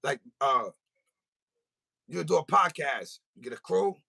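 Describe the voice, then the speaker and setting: A man hosting a podcast in a studio, ranting with animated, profane, comic storytelling. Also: a little high, unhurried, creaky. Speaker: podcast host. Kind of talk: casual podcast rant.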